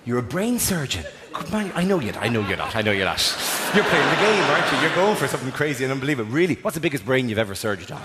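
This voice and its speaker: Brief: Irish male comic, quick, lively delivery, live room with audience noise. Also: medium pitch. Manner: teasing, animated, swears freely. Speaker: stand-up comedian. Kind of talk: crowd work stand-up. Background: audience laughter.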